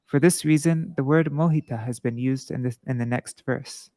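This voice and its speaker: A man's voice: mid-range voice, dark tone, no room sound. Earnest man reading scripture aloud, dry. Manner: measured, earnest reading aloud with small restarts. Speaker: scripture class reader.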